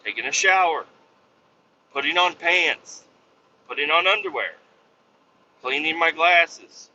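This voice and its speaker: A man's voice: fairly high pitch, lively intonation, takes it slowly, pauses often, pushed and bright, highs cut off, slight background noise. A man in his thirties hosting a podcast, telling stories in a rambling, profane, casual way full of restarts and fillers. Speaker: podcast host. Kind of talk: casual storytelling monologue.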